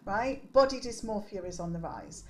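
A woman's voice: mid-range voice, big pitch swings, normal speed. A woman in her forties, a guest on a podcast, talking emphatically about her work with teenagers and often tagging her points with "right?". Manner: emphatic, preachy, tags "right?". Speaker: podcast guest, youth development coach. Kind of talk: animated interview talk.

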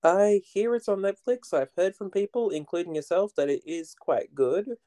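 A man's voice: high-pitched, moderate pace, mellow, no echo. Rambling Australian man, laughing often. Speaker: podcast guest. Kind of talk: casual podcast chat.

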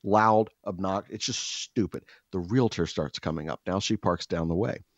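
Guy with a really low voice ranting and swearing on a podcast, dry dull-sounding mic. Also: normal speed, no echo. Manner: profane, exaggerated ranting with loud bursts. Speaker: podcast co-host. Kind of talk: casual storytelling chat.

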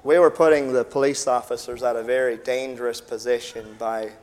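A man's voice: medium pitch, fairly even intonation, a little fast, a little mellow. A man from the United States, a missionary, telling a personal testimony with vivid sound effects and acted-out dialogue at a Sunday evening church gathering. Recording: long reverb in a large hall.

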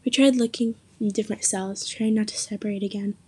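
A young woman reading her own spooky story aloud, lifting her voice for the quoted lines and dropping low and soft for the narration. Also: fairly even intonation, brisk, breathy edge. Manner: reads quotes with more pitch and force, narration low and soft.

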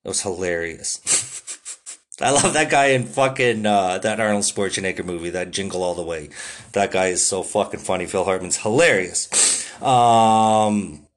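Young male podcaster, solo rant, profane, excitable, lots of fillers. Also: low-pitched, unhurried. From Canada. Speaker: podcast host. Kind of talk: casual solo podcast monologue.

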